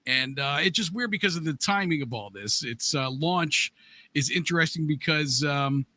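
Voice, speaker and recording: A man's voice: a little high, lively intonation, normal speed, sharp tone. A man co-hosting a podcast, running through the news in an easygoing way with plenty of filler words. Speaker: podcast co-host. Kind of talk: casual news rundown.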